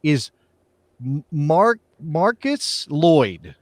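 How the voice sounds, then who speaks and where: A man's voice: on the high side, sing-song, extremely slow, dry recording, clean studio sound. A man hosting a live soccer show, chatting and joking, often trailing off and restarting. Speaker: podcast host. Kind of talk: casual sports chat.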